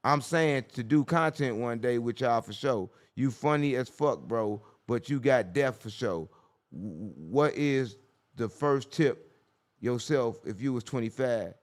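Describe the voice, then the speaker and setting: A man's voice: medium pitch, animated, measured pace. A man hosting a casual podcast, brash and profane, preaching life advice in a loose, rambling way. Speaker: podcast host.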